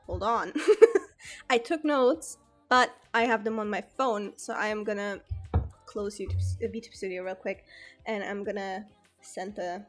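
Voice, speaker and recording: A woman's voice: mid-range voice, pushed and bright. A young woman streamer with a slight lisp from a retainer, chatting casually and rambling through a storytime, swearing freely.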